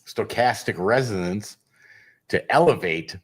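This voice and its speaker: Low-voiced male guest; measured, lecturing explainer on a podcast. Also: expressive, breathy edge. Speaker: guest researcher. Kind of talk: explanatory interview talk.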